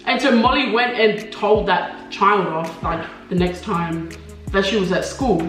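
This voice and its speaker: A woman's voice: a little slow, recorded from a distance. A young woman from Australia co-hosting a mukbang, telling a childhood story in casual chat and acting out quoted voices with laughter. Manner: animated, acts out quoted voices in high pitch, laughs often. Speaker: mukbang co-host. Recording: echoey room, off-mic, faint music.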